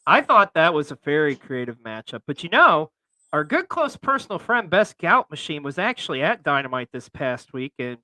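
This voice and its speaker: A man co-hosting a casual wrestling chat show, chatty and excitable. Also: on the high side, moderate pace, no echo. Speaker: co-host.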